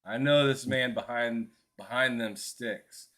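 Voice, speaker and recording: A man's voice: medium pitch, takes it slowly, fairly bright tone. A man co-hosting a casual gaming podcast, joking and teasing, often stumbling over his words. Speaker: podcast co-host.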